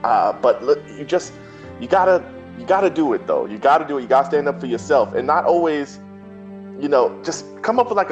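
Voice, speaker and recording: A man's voice: medium pitch, dull audio, natural voice. A man voicing a confident young team captain who coaches a friend in a casual, slangy way.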